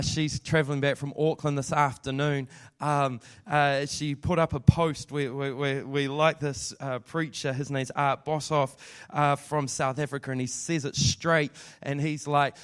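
A man's voice: fairly high pitch, flat delivery, measured pace, clean tone. A man, a pastor giving a candid, rambling testimony sermon that builds into fervent prayer.

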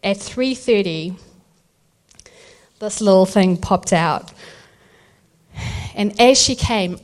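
Animated woman telling a birth story. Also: medium pitch, slow pace, pauses often. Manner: animated storytelling, acts out voices. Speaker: speaker sharing a birth testimony. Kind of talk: testimony talk at a church event.

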